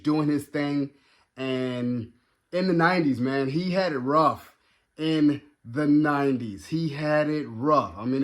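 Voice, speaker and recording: A man giving a casual, rambling spoken review, full of fillers and restarts. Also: on the high side. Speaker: video reviewer.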